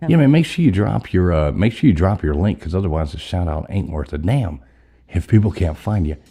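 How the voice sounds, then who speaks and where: Deep husky man hosting a stream. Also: animated, fairly quick. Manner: loose, chatty, swears casually, shouts out chat names. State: sick, scratchy voice. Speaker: live stream host. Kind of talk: casual live stream chat.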